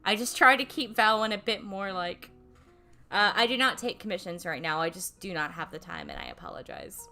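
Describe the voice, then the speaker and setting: A woman's voice: mid-range voice, big pitch swings, fairly quick, bright, forceful tone, soft background music. A young woman chatting casually on a livestream, rambling and self-deprecating, with casual swearing and frequent laughs. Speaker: streamer and voice actor.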